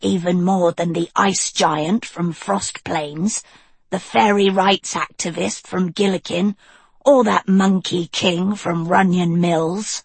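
A woman's voice: on the low side, steady tone, slow pace, breathy edge, no room sound, heavily acted. A woman voicing curt, worried young witch Annadil. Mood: urging. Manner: pressing and curt.

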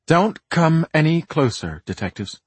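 A cornered doctor in his forties speaks with cold, measured calm and quiet defiance, voiced by a male audiobook narrator. His voice is husky and close, with no room around it. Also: fairly high pitch, no room sound, voice pushed up, full character voice. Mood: defiant.

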